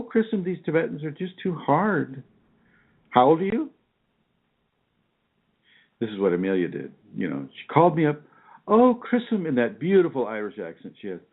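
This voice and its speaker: Earnest male talk radio host on phone. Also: mid-range voice. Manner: earnest, instructive, repeats and restarts phrases. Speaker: radio show host and kundalini teacher. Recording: tinny phone line.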